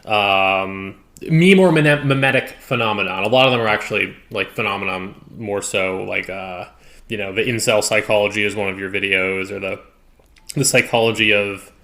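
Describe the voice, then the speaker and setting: A man's voice: lowish voice, normal speed, pushed and bright. A man hosting a casual podcast interview, talking loosely and meandering as he thinks aloud. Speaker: podcast host.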